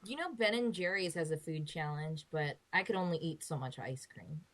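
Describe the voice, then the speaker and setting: A woman's voice: deep voice, animated, moderate pace, a bit bright. A woman hosting a podcast, chatting casually and thinking aloud with frequent restarts. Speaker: podcast host. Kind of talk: casual chat.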